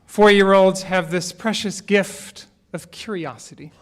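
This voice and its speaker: A man's voice: high-pitched, fairly even intonation, unhurried, fairly bright tone. Conversational male minister preaching a sermon. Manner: conversational, with light humor. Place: church sanctuary.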